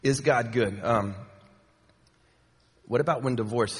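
Casual preacher in a reverberant church hall. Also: male voice, medium pitch, takes it slowly, pauses often. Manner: conversational, with many fillers and repeats. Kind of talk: sermon. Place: church sanctuary.

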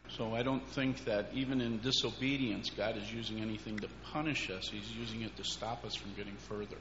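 A man's voice: fairly low pitch, fairly even intonation, fairly quick, noisy background. A man in the congregation reasoning aloud as he speaks up from the floor. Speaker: congregation member. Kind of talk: asking a question from the floor. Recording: distant, dull, with hall reverb.

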